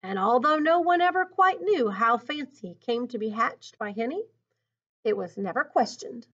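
Expressive woman reading a picture book aloud. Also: on the high side, moderate pace, breathy edge. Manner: expressive, teacherly, thinks aloud between passages. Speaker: storybook reader. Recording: dull lo-fi recording.

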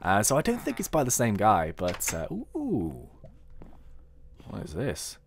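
An excitable man giving chatty let's-play commentary, his pitch leaping around as he reacts. He thinks aloud as he explores, over a faint hiss. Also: brisk. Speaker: gaming video host.

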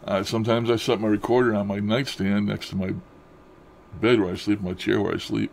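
A man's voice: lowish voice, flat delivery, fairly quick, vocal fry, darkish tone, a little hiss or hum. A man chatting casually to camera at home about odd happenings. He speaks in a rambling, folksy way with loose grammar and frequent chuckles. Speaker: paranormal vlogger.

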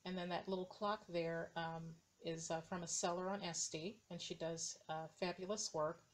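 A woman with a lowish, steady voice speaking at normal speed gives a casual show-and-tell of her dollhouse rooms, hesitating with plenty of ums and uhs. She's indoors next to the dollhouse, filmed on a handheld camera's mic.

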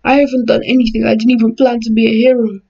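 A woman's voice: a little high, level tone, fast talker, vocal fry, dark tone, far from the mic, highs cut off. A woman voicing an orphaned boy who answers threats with blunt, matter-of-fact retorts, in a fan-made spoken story. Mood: pleading. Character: orphaned boy, cold calm and defiant.

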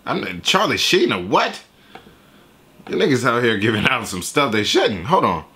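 A man's voice: mid-range voice, very animated, moderate pace. A man in his twenties giving casual, jokey reaction commentary on a song, jumping into voices and asides. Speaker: music reaction YouTuber.

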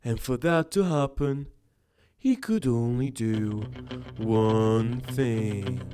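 A woman voicing a dramatic narrator in a comic sketch, with slow, ominous narration. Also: extremely low pitch, mellow, soft background music, heavily acted.

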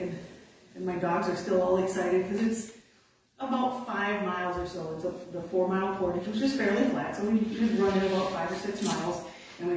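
Woman, Upper Midwest American accent, chatty storyteller, far from the mic, very echoey room. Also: medium pitch. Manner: chatty, animated retelling with acted-out quotes. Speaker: conservation officer. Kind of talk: storytelling in an interview.

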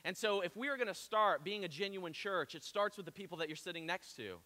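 A man's voice: sits high, animated, fairly quick, bright, forceful tone, long reverb tail. A man preaching a sermon to his church, telling stories in a chatty, conversational way with asides. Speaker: pastor. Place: church auditorium.

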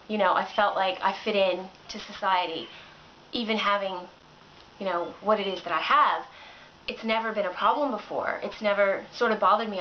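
A woman's voice: medium pitch, muffled recording, slight background noise. A woman vlogger ranting sarcastically into the camera in a casual way, with plenty of filler words.

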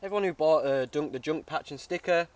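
This woodland bushcraft vlogger speaks a little high and fast, with a slightly mellow quality and no echo. His casual talk is chatty and sincere, peppered with "mate" aimed at the viewer.

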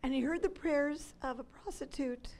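A woman with a high, light voice pours out her testimony to an audience as a ministry leader. She talks with great animation, rising to loud cries and then dropping to near-whispers, like a passionate preacher sharing her story. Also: normal speed, a little hiss or hum. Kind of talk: emotional testimony talk to an audience.

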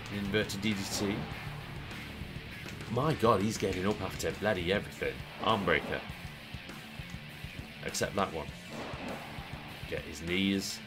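Man, very deep voice, dry self-mocking game commentary, loud guitar music behind. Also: fairly even intonation, a little slow, pauses often. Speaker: gaming streamer. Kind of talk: casual let's play commentary.

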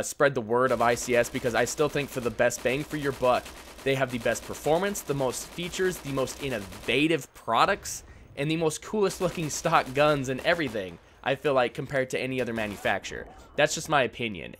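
A man's voice: mid-range voice, a bit bright, a little hiss or hum. A young man hosting a casual Q&A vlog, venting in a rambling, profane way with many fillers. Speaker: YouTube airsoft channel host.

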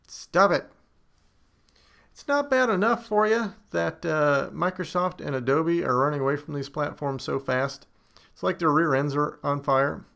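A man's voice: on the high side, creaky, a bit bright. A man hosting a screencast, talking casually with wry, self-deprecating humor and emphatic asides. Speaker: screencast host.

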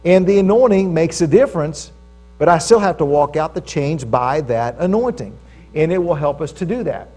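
A man with a mellow, slightly high and animated voice preaches at normal speed during a church service. His sermon is conversational, stressing key phrases and asking the audience to agree with him.

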